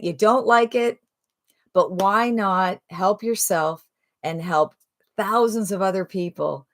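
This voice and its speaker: A woman pitches an online program live from her phone, brimming with enthusiasm. She fires off rhetorical questions in a slightly low, persuasive voice. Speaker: online marketing presenter. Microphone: phone livestream.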